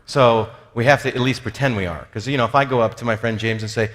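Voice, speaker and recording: A man's voice: medium pitch, steady tone, fast, hardly any pauses, a bit bright. A man giving a conversational teaching talk on spiritual life, joking at his own expense and acting out the voices of people he quotes. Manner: conversational, acts out quoted voices, self-deprecating jokes. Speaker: speaker on spiritual formation. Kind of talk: lively teaching talk with humor. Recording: long reverb of a large hall.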